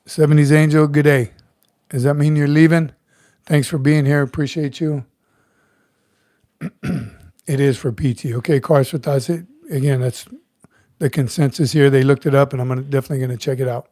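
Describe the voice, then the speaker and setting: Middle-aged male host, easygoing and chatty, mellow voice with a dry, close sound. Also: mid-range voice, moderate pace, long pauses, no echo. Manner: relaxed, chatty, chuckles often, greets viewers by name. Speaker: livestream host, retired Marine sergeant major. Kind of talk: casual livestream chat reading comments.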